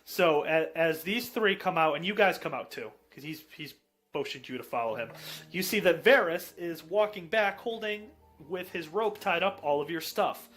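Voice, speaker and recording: A man's voice: fairly high pitch, lively intonation, normal speed, a bit bright. A man narrating a tabletop game as game master in a voice chat, easygoing and descriptive.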